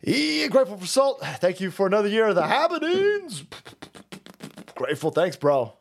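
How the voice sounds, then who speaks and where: A man's voice: high voice, moderate pace, creaky. Male stream host, crude and chatty, tells stories with plenty of laughs, voice swings up and down. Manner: swears constantly, laughs often, animated storytelling. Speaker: livestream host reading chat. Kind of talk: profane casual rant.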